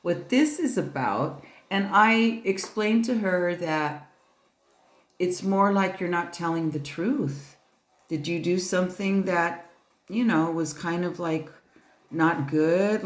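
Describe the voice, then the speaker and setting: In an echoey room, a woman with a lowish voice chats casually in a tarot vlog about her deck. She rambles, using plenty of fillers and restarts.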